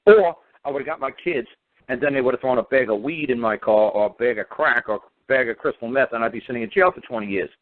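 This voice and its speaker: Radio talk guest, male, mid-pitched, insistent and repetitive, phone-quality audio. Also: fast talker, slight background noise. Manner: emphatic, repetitive, defiant. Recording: tinny phone-like line.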